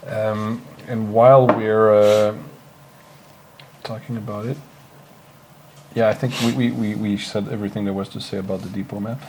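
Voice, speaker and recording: A man hosting a casual game livestream, talking in a halting, rambling way with many fillers and restarts. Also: fairly low pitch, little pitch movement, a little mellow, rough recording. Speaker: livestream host. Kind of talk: casual gameplay stream chat. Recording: faint background noise.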